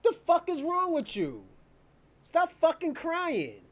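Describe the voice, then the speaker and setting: A man hosts his own stream and rants straight at his chat. His voice sits very high and leaps all over the place. He curses freely and mocks his critics. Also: wildly swooping pitch, takes it slowly, a bit bright. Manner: profane, combative, addresses chat directly; mocking, laughs between jabs. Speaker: channel host. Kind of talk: livestream rant.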